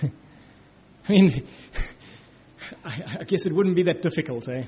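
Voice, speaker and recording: A man's voice: on the high side, lively intonation, takes it slowly, warm tone, husky. A man giving a conversational Bible teaching, filling his talk with "you know" and acting out the quotes. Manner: informal, many "you know, like" fillers, acts out quotes. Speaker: preacher. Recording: dull lo-fi recording.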